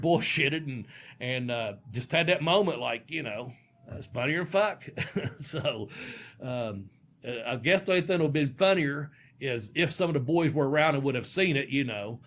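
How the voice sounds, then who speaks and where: A man's voice: on the high side, fairly bright tone. Laughing, foul-mouthed storyteller man. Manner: profane, laughs through his stories. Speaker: podcast host, former wrestler. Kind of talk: casual storytelling.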